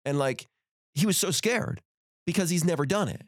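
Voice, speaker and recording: A man's voice: fairly high pitch, expressive, moderate pace, dry recording, studio quality. A man telling a motivational story on a podcast, speaking with energy and acting out the dialogue in his stories. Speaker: podcast guest and author.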